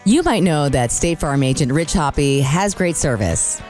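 A woman's voice: deep voice, expressive, moderate pace, a little mellow, soft background music. A woman reading a local insurance ad voice-over in a friendly, upbeat way. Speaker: ad announcer. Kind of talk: scripted ad voice-over.

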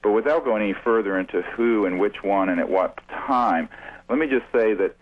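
Deep-voiced male researcher, husky, halting and deliberate, heard over a tinny phone line. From United States. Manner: deliberate, halting with many fillers and restarts. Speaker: UFO researcher guest. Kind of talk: radio interview.

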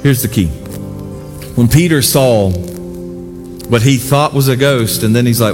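A man preaching a sermon with animated, emphatic delivery and repeated exhortations. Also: medium pitch, unhurried, pauses often. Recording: long hall reverb with faint music.

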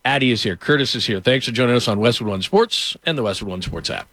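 A man's voice: medium pitch, lively intonation, quick pace, fairly bright tone, no room sound. A man hosting a sports radio show, telling rambling anecdotes full of fillers into a studio microphone.

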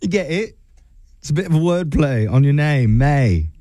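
A man voicing a cheeky, condescending airline customer care agent in a deliberately bad British accent. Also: fairly high pitch, expressive, a crowd in the background, lightly acted. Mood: smug teasing. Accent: bad put-on British. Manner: teasing, smug, condescending.

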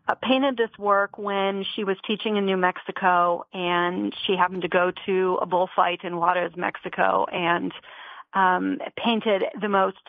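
A woman, a museum guest on a radio interview, explaining with measured enthusiasm. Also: mid-range voice, steady tone, vocal fry, no room sound. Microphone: phone line. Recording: tinny phone line.

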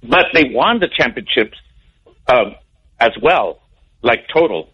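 A man's voice: mid-range voice, expressive, slow, husky. A man calling in to a radio show, rambling and hesitant as he explains a point. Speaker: caller. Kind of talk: phone-in chat. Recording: dull lo-fi phone line.

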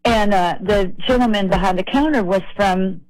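A middle-aged woman from Tennessee, a country singer telling rambling, animated anecdotes as a guest. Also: medium pitch, normal speed, no echo, rough recording. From Nashville, Tennessee. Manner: chatty, rambling, animated retelling.

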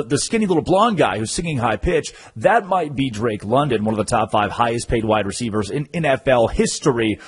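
A male sports radio host talks with a husky edge to his voice. His pitch swings widely as he works through an emphatic, story-driven monologue for listeners. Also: low-quality recording.

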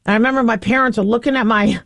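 A woman in her fifties hosting a monologue, an animated storyteller who acts out the people in her anecdotes. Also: on the high side, rapid-fire, gravelly, dry recording, clean studio sound.

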